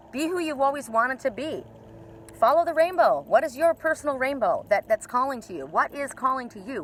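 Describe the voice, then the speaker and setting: A woman's voice: a little high, fairly bright tone. Woman, oracle card reader, live stream by a lake, blunt and chatty, faint passing traffic. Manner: chatty, blunt, swears casually. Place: outdoors by a lake.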